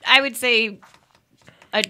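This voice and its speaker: Woman radio co-guest, bright tone, casual chatty policy talk. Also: on the high side, fairly even intonation, slow pace, clear, resonant tone. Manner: chatty, lots of fillers.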